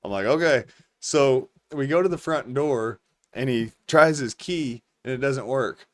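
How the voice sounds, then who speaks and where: A podcast host in his forties tells a rambling, casual story in a medium-pitched, unhurried voice. His speech is loose and profane, and he keeps breaking into laughter as he goes.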